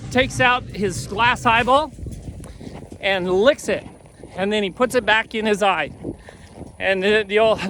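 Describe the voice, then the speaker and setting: A horse trainer telling a folksy joke while riding a horse outdoors. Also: male voice, sits high, pushed and bright, slight background noise, rough recording. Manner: folksy, easygoing.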